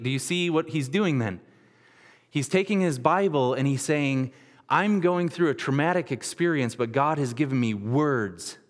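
A man's voice: mid-range voice, in a large hall. A male pastor preaching a sermon, retelling a scripture story in a casual, storytelling way.

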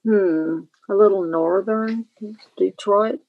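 A woman's voice: mid-range voice, takes it slowly, no room sound, phone-quality sound. A woman reading aloud and voicing a shy young female student who gives nervous, guarded replies.

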